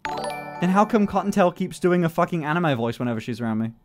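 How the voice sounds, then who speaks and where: Lively, high-voiced young man streaming. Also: fast, faint music behind. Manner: animated, joking and profane, laughs often. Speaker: livestreamer. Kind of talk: casual chat reading out chat messages.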